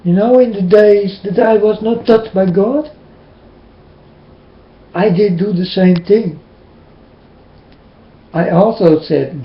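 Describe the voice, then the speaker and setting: Man, Dutch accent, casual preaching, earnest and halting, slightly high voice, echoey room, muffled lo-fi sound. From Netherlands. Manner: earnest, halting, asks questions again and again. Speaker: religious vlogger.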